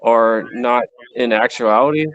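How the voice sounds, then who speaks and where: A man's voice: mid-range voice, a little slow, a bit bright, clear, resonant tone, no room sound, dull audio. A man on a podcast asking careful, hesitant questions. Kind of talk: casual podcast chat.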